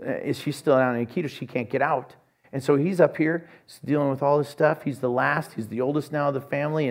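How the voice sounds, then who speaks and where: A man's voice: medium pitch, vocal fry, a little mellow. A man preaching a sermon as pastor, telling stories and acting out conversations. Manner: storytelling, acts out conversations.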